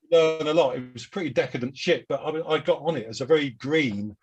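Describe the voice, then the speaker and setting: A man in his seventies with a London Cockney accent, a guest telling rambling, self-deprecating stories in a relaxed interview over a video call. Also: on the high side, quick pace, muffled recording, crowd noise. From London, England. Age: 70s. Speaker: guest musician. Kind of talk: reflective interview chat.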